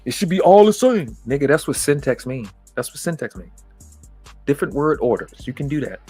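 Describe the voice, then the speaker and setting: A man's voice: on the high side, lively intonation, a little fast, darkish tone, husky, dry recording, faint music behind. A man hosting a livestream, ranting angrily and mocking his critics with heavy profanity. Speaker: livestream host. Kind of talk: angry ranting monologue.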